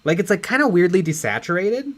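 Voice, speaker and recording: Male co-host, casual and rambling, slightly high-pitched, talks while painting. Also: big pitch swings, fast. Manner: rambling storyteller, acts out voices. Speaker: stream co-host.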